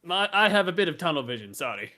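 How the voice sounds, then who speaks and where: A man's voice: a little high, very animated, fast talker, pushed and bright. A man commentating while playing a game with friends, joking around and putting on goofy voices. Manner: joking, playful with silly voices. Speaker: game streamer. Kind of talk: let's play commentary. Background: game music.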